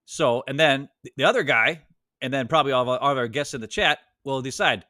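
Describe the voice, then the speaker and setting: Bright-voiced man explaining on a video call. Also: medium pitch, quick pace, dry recording, clean studio sound. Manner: explaining at length, with chatty restarts. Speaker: co-host of a sports fan show. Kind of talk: casual chat over a video call.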